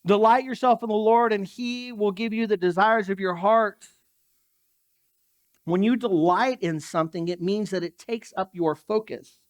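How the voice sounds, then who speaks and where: Man, high voice, dry sound; pastor giving a conversational sermon in a church. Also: normal speed, dry recording. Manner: conversational preaching with asides to the congregation.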